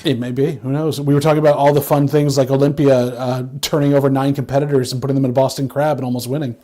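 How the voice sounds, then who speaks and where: A man co-hosting a casual wrestling recap, animated and rambling with frequent restarts. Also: medium pitch, fast talker. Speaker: podcast co-host.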